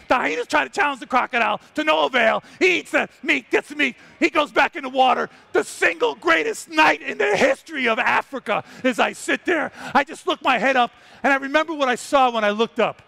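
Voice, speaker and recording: A wildlife photographer giving an animated live storytelling talk on a trade-show stage, exclaiming dramatically. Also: male voice, very high voice, fast talker, vocal fry.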